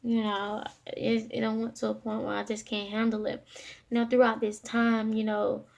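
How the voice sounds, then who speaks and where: A woman vlogger telling a personal story to camera, in a halting way full of fillers and restarts. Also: fairly high pitch, completely flat delivery, creaky, darkish tone, muffled recording.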